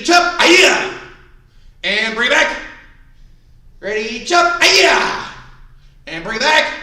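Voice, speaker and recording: Male karate instructor, high and very bright, upbeat coaching, recorded far off in an echoey room. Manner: upbeat coaching, counting moves with shouted kiai. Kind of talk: instructing a live online class.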